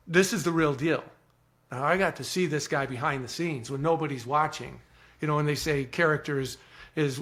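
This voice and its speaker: A man with a fairly high voice gives an earnest, animated account as a podcast guest. He often repeats words as he starts a thought. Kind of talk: reflective storytelling.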